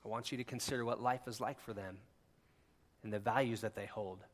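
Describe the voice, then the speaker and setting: A man preaching a sermon as pastor, impassioned and conversational, swinging from hushed lines to near-shouts. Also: fairly low pitch, steady tone, fairly quick. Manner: conversational, with asides and laughs.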